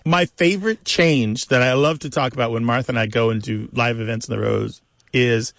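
Man, gravelly voice, dry studio sound, professorial radio co-host explaining language. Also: mid-range voice, fairly quick, a bit bright, no echo. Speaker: co-host of a language call-in show.

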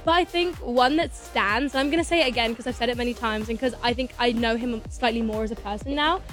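A woman's voice: fairly high pitch, fast talker, fairly bright tone, soft background music. A teenage girl with an English accent, a guest in a radio studio, bubbly and giggly, saying "like" a lot. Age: teens. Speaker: guest singer and actor. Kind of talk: casual radio interview.

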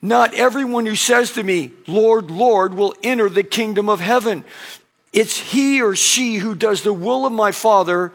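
A man preaching a conversational sermon as a pastor, telling stories and acting out quick bits of dialogue. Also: high voice, a bit bright. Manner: conversational preaching with acted-out anecdotes.

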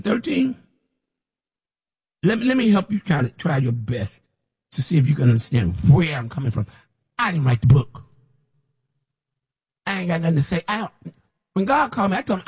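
Husky guy preaching hard, kinda high voice, repeats himself a lot, goes loud when he mocks people. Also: big pitch swings, moderate pace, pauses often. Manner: preachy, repetitive, rises to shouts when mimicking others. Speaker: self-styled prophet preacher. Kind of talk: impassioned sermon monologue.

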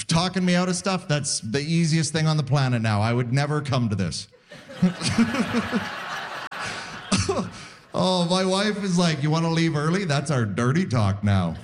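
A man in his forties performing a self-deprecating stand-up set on a live stage, acting out other people's voices. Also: a little high. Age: 40s. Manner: self-deprecating, acts out voices of wife and doctors. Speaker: stand-up comedian. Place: live theatre stage with audience. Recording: live stage recording with crowd noise. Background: audience laughter.

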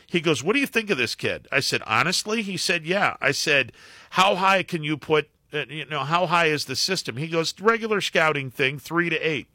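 A middle-aged former baseball broadcaster telling anecdotes as a guest, with halting restarts and acted-out quotes. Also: male voice, fairly high pitch, dry recording, clean studio sound. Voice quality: halting, many restarts and fillers. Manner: acts out quotes in animated anecdotes. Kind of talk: casual phone-in storytelling.

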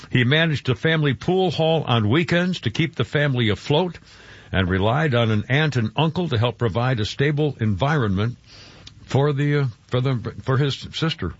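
A man's voice: medium pitch, breathy edge. A man hosting a radio show, chatting in a rambling way and stumbling over his words. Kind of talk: morning radio chat. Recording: dull, dry radio broadcast.

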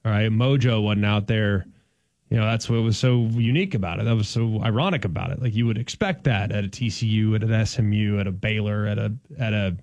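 A man's voice: lowish voice, dry recording. A man co-hosts a sports talk show, telling stories in a playful, emphatic way. His voice is recorded close and dry, with no room sound around it. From Dallas-Fort Worth, Texas. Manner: animated, playful, emphatic storytelling. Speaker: sports radio co-host.

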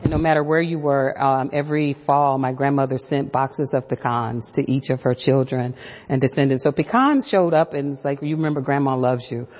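A woman professor and author, a guest on a radio interview, speaking thoughtfully and often pausing on "um". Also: a bass voice, a little mellow, long reverb tail, muffled recording.

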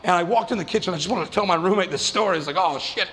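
A man doing stand-up storytelling, animated, acting out the voices of people in his story. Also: high voice, very fast. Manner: animated, acts out quoted voices. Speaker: stand-up comedian.

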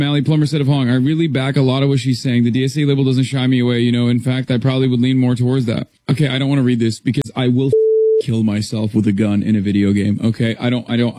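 A man's voice: mid-range voice, dark tone, no room sound. A man ranting in exasperated, profane commentary, repeating himself over and over.

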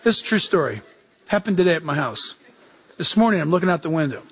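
High-voiced animated male pastor. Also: quick pace, husky. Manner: animated, acts out quoted voices, chuckles. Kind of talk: sermon.

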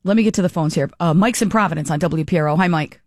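A woman hosting a call-in talk radio show, chatty and quick to laugh, often breaking off mid-thought. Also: fairly low pitch, darkish tone, no echo, clean studio sound.

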